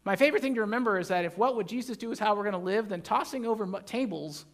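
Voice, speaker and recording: A man preaching a sermon in a church, his voice pitched high with a rough, gravelly edge. He talks emphatically, rising into loud animated bursts and tossing jokes to the congregation. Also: very fast. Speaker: pastor.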